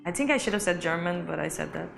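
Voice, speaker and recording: A woman's voice: lowish voice, animated, fast talker, vocal fry, music in the background. A woman co-hosting a morning show, giggling and exclaiming during playful studio banter. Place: television studio.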